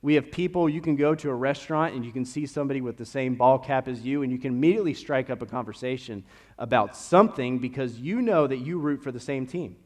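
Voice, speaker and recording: Young preacher with a Kentucky accent. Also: male voice, mid-range voice, fast talker. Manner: storytelling, conversational with animated rises. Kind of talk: sermon. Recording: long reverb of a church hall.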